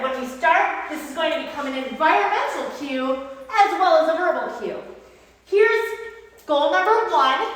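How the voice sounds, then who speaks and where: Brief: high-voiced, upbeat woman dog trainer, very echoey hall, faint hiss. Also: a bit bright. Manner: upbeat, praising the puppy between explanations. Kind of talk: instructional dog training demo.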